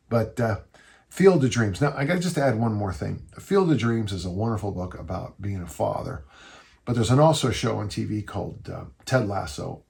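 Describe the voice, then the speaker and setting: Older male podcast host, low gravelly voice, casual folksy coach who rambles warmly. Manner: rambling, folksy storytelling with restarts. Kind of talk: casual listener Q&A chat.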